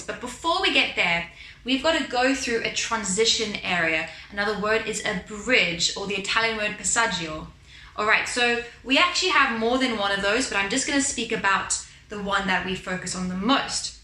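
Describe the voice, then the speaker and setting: A woman's voice: medium pitch, expressive, normal speed, pushed and bright, echoey room, poor audio. A woman vocal teacher explaining singing technique patiently, often checking in with the listener and breaking into short sung examples. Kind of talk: instructional talk with sung demos.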